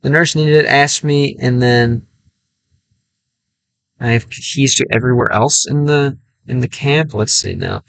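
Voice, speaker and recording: A man streaming a game, chatting casually and thinking aloud in a halting, self-correcting way. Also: medium pitch, creaky, dry recording, poor audio. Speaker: language-learning streamer. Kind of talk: casual livestream chat while gaming.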